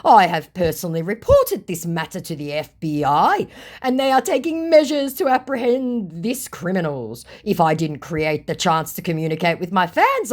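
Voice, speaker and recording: A woman's voice: fairly low pitch, a little mellow, voice pushed up. A woman voicing an indignant male online scammer who poses as a celebrity, pleading and huffy.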